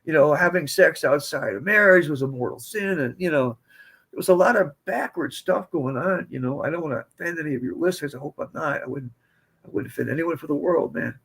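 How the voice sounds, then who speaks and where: A man's voice: on the high side, expressive, fairly quick, creaky, fairly bright tone, breathy edge. A man in his seventies from the United States, a podcast guest telling rambling, digressive stories in a casual way. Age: 70s. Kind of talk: casual storytelling.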